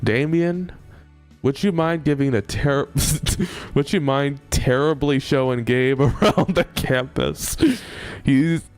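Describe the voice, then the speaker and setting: A man's voice: on the high side, slow, a little mellow, faint music behind, voice pushed up. A man voicing a huge, friendly ox-horned monster chaplain with a Southern accent, genial and pastoral.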